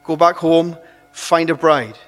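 A man's voice: on the high side, fairly even intonation, slow pace, soft background music. A man voicing the old patriarch Abraham giving blunt orders, with long hall reverb. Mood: instructing.

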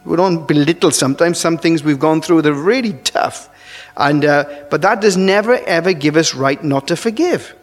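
A man preaching a sermon, earnest and halting, often restarting his phrases and pushing up into emphatic rises. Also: on the high side. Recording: long reverb of a large hall.

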